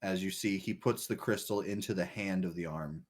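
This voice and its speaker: A man narrating a tabletop game as game master, slow and deliberate with many fillers. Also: sits low.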